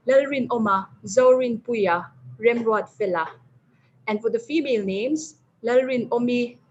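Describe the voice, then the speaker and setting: Woman teaching words slowly. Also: fairly high pitch. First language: Mizo. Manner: slow, careful, repeats example words. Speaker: webinar resource person. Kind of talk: lecture teaching vocabulary with slides. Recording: muffled online webinar audio.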